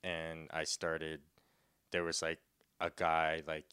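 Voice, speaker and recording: A young man, a podcast co-host and comedian, telling a story in casual chat, rambling with many fillers and breaking into loud laughter. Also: very deep voice, completely flat delivery, slow pace, clear, resonant tone.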